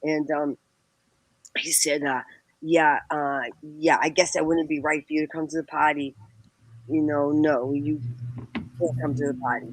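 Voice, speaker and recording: Husky low-ish woman guest spinning a story, laughs a lot, swears, does little voices for people, dry close sound. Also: fairly even intonation, unhurried, pauses often. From Boston area. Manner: laughs often, swears, acts out quoted voices. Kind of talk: casual storytelling chat.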